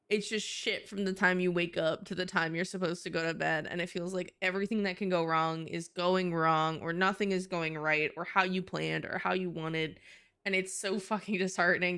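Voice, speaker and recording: A woman's voice: on the low side, fairly bright tone, clear, resonant tone. A young woman streamer in casual live-stream chat, rambling with lots of fillers and casual swearing.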